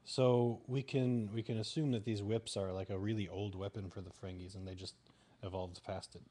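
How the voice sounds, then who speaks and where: A man co-hosting a casual podcast, talking in a relaxed, rambling way with many fillers. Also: on the low side, fairly quick. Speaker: podcast co-host. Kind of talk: casual chat.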